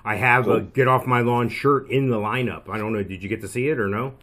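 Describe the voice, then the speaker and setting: A man's voice: medium pitch, fairly even intonation, brisk, a bit bright. A man co-hosting a podcast, chatting casually and cutting in with upbeat interjections. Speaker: podcast co-host.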